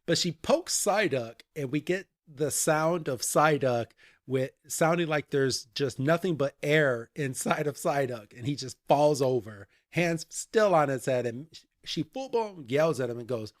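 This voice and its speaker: A man's voice: on the high side, no echo, studio quality. Laughing man recapping a cartoon. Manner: animated, laughs often, quick retellings with quoted voices. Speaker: podcast host. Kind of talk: casual podcast recap.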